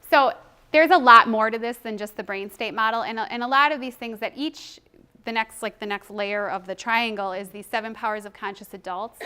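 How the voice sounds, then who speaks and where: Middle-aged woman, workshop presenter, conversational, animated, slightly high voice. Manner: animated, conversational, acts out classroom scenes. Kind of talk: teaching presentation with role-play demonstration.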